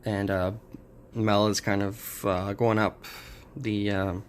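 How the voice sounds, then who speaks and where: A man casually summarizing and reviewing a comic book, talking in a halting way with many pauses and restarts. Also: lowish voice, little pitch movement, a little hiss or hum.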